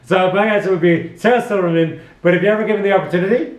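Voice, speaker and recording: A man's voice: high-pitched, racing. A male hairdresser telling stories in casual chat while cutting hair, full of asides and laughter. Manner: chatty storyteller, laughs often, full of asides. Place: hair salon. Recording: echoey salon room.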